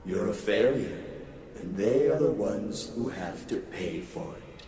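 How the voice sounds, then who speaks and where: A man's voice: lowish voice, expressive, a little slow, crowd noise. A man voicing a jeering male monster, mocking and scornful. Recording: echoey hall with music.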